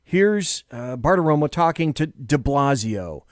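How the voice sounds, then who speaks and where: A man's voice: on the high side, unhurried, dry recording, studio quality. A man hosting a talk radio show, giving sarcastic, opinionated commentary between audio clips. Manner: sarcastic, lively, mocking.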